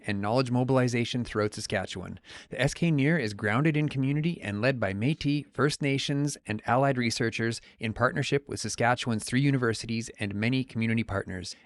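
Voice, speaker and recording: A man with a middle-pitched voice hosts an interview podcast. He reads sponsor messages and asks his guest calm, measured questions. His voice is dry and close to the mic. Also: no room sound. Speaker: podcast host.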